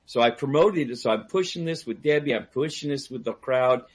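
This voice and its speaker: A man telling a long story in casual chat, animated and laughing, acting out the people he quotes. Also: mid-range voice, fairly quick, few pauses, husky. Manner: animated, acts out quoted voices, laughs a lot. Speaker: guest storyteller; DJ and karaoke host. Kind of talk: casual storytelling on a call-in talk show.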